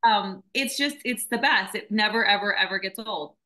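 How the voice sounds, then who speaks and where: Bright-voiced earnest woman guest. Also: mid-range voice, normal speed, rough recording. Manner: earnest, emotional, warm storytelling. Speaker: nonprofit founder, guest. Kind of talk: casual interview talk.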